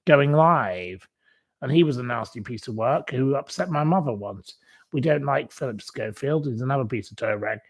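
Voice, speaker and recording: A man's voice: medium pitch, fairly quick, a little mellow, breathy edge. A man hosting a live stream, rambling and scornfully insulting the people he talks about.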